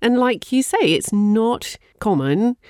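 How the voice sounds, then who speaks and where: A woman's voice: fairly high pitch, animated, takes it slowly, darkish tone, dry recording, clean studio sound. A woman interviewer who prompts her guest with encouraging short follow-up questions. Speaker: interviewer host. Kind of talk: conversational interview.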